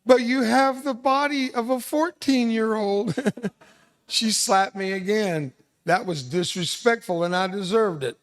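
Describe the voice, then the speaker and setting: An older man in his seventies with a slightly high-pitched voice speaks to students in a school hall. He tells stories as a veteran guest and keeps slipping in self-deprecating jokes. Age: 70s. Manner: joking, self-deprecating storyteller. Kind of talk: storytelling speech to students.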